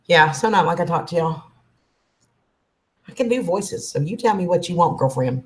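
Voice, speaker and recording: A woman's voice: lowish voice, lively intonation, normal speed. A woman, chatting casually and affectionately with her livestream viewers and calling them honey. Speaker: livestream host.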